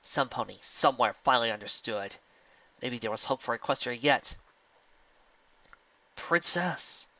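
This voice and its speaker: Man reading a story, bright and dry. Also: medium pitch, fairly even intonation, brisk, dry recording, dull audio. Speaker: fan fiction reader. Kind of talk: storybook narration.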